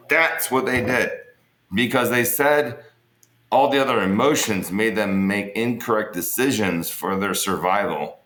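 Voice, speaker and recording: Measured in pace, with a lowish, fairly bright voice and reverberant sound, an interview guest casually spins rambling, humorous stories full of swearing on an online interview.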